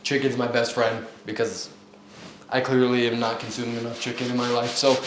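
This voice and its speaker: A man's voice: mid-range voice, little pitch movement, a little fast, slight background noise. A young man chatting casually while cooking in his home kitchen, joking and yelping as onions make him cry. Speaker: home cook. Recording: echoey room, faint music.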